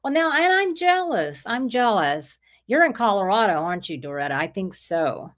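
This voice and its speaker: A woman's voice: medium pitch, sing-song, normal speed. Lady w a sore throat, rambly livestream chat, says hi to everyone by name. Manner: chatty, rambling, greets viewers by name. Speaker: livestream host. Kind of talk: casual chat reading viewer comments.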